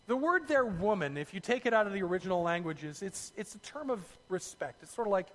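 A man preaching a sermon, telling the story in a lively way with asides to his listeners. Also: high voice, a little fast, in a large hall. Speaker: pastor.

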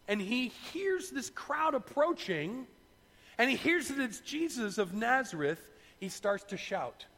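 A middle-aged man preaching a sermon, retelling a story in an animated way and acting out the voices. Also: high voice, long reverb tail. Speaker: pastor.

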